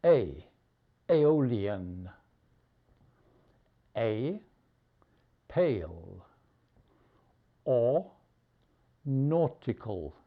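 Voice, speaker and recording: A man slowly teaching English spelling, pausing between each word he gives as an example. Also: medium pitch, very animated. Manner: slow, deliberate, pausing between words. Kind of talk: slow spelling lesson. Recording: dull lo-fi recording.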